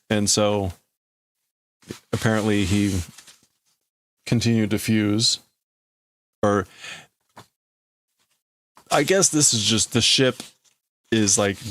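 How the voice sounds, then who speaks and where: A man hosting a livestream, working slowly through a manga translation out loud, halting and stopping often to explain words. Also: lowish voice, dry recording. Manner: slow, halting, stops to explain words and reads lines in a raised voice. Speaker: livestream host. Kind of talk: casual live translation of a manga.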